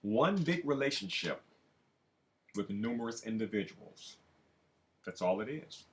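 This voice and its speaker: A man giving a preachy self-help monologue, with slow drawn-out phrases that rise suddenly into loud emphasis. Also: on the low side, very animated. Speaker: spiritual self-help speaker.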